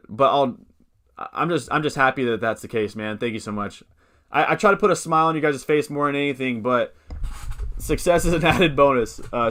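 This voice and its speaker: Male streamer, mid-pitch, casual and chatty; restarts sentences, reads chat aloud, upbeat. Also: pushed and bright. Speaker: fantasy football streamer answering chat.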